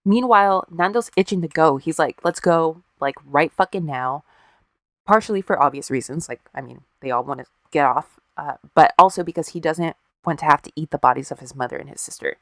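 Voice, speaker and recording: A woman's voice: low-pitched, quick pace, hardly any pauses, a bit bright, no echo, clean studio sound. A woman co-hosting a podcast, casually telling a story with wry, profane asides and acted-out quotes. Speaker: podcast co-host.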